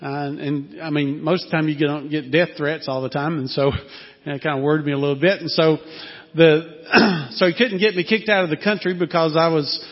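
Southern guy in his 60s telling a story in church, kinda high voice, lots of uhs, dull echoey hall. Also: steady tone, normal speed. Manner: folksy, rambling with many fillers. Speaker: former missionary telling a story. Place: church sanctuary.

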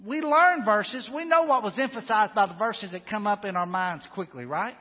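A pastor with a high voice delivers an earnest, emphatic sermon at a normal pace. His words carry a long echo through the church sanctuary, and the recording sounds dull and muffled.

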